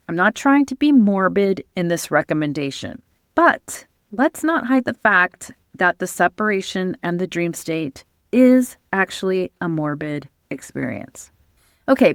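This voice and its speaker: A woman podcast host giving a calm, earnest teaching talk over slides. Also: fairly low pitch, dry recording, studio quality.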